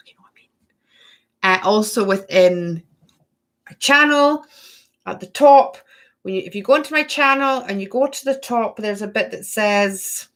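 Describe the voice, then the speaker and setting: A woman's voice: medium pitch, animated, measured pace, long pauses. A woman hosting a spiritual workshop, chatting effusively through a casual live-stream Q&A and answering viewers by name.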